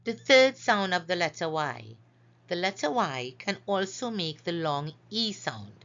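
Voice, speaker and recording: A woman teaching a phonics lesson over slides, slowly stretching out and repeating each example word. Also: on the low side, expressive, a bit bright, lo-fi sound. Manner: slow, careful, stretches out example words.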